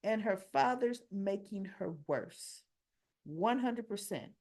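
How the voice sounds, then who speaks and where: A woman with a medium-pitched voice talks through a soap opera episode in a casual, gossipy way. She is opinionated and chatty, and she slips into the characters' lines as she retells each scene. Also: animated, slow, warm tone. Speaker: soap opera recap host.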